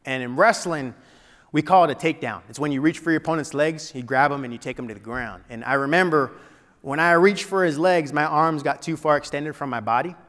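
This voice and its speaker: A man giving a keynote speech, telling a personal story dramatically and dropping to a hush at painful moments. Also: on the high side. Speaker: keynote speaker. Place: large event hall before an audience. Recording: long hall reverb.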